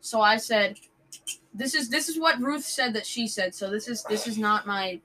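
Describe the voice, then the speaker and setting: A woman's voice: on the high side, normal speed, rough recording. A woman telling her side of a story in a casual chat among friends, recounting events step by step. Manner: steady first-person retelling.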